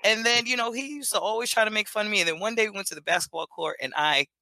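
A woman in her thirties chatting as a podcast guest, telling animated stories with frequent laughter. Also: mid-range voice, very fast, no room sound. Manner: animated storyteller, laughs often, acts out quotes. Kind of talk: casual interview chat.

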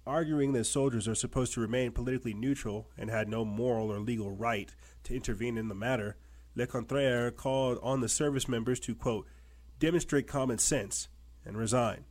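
A man's voice: mid-range voice, moderate pace, darkish tone. A man with a mid-range voice hosts a commentary show, reading articles aloud. He punctuates them with pointed rhetorical questions. He drives his points home by repeating himself. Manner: emphatic, repetitive rhetorical questions.

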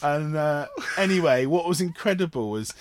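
A man's voice: a little high, lively intonation, moderate pace, a little hiss or hum. A man from Cornwall, a guest on an interview show who tells long, rambling stories and laughs often. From Cornwall, England. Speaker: guest actor. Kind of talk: casual interview storytelling.

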